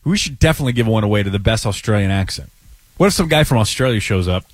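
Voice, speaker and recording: A man co-hosting sports talk radio, quick and playful, teasing his partner. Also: on the low side, animated, no echo. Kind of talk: casual sports radio banter. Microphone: studio microphone.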